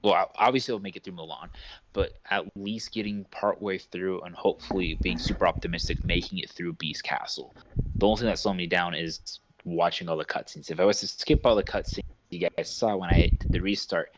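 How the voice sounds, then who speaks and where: A man's voice: sits low, fairly even intonation, fairly quick, noisy background. A man streamer in casual chat who hesitates and repeats words as he starts.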